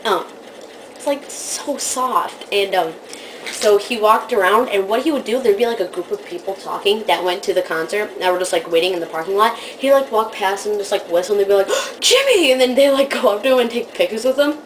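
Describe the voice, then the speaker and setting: A woman's voice: fairly quick, a little hiss or hum, low-quality recording. Gushing young woman vlogger. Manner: gushing, excitable, acts out quoted voices in high squeals. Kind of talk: casual vlog storytelling.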